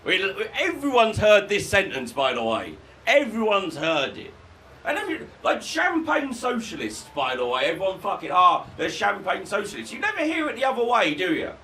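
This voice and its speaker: A man from the UK doing a live stand-up set, crude and sardonic, breaking into shouted rants. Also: sits high, huge pitch swings, moderate pace, slight background noise, poor audio. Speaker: stand-up comedian. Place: comedy venue with live audience.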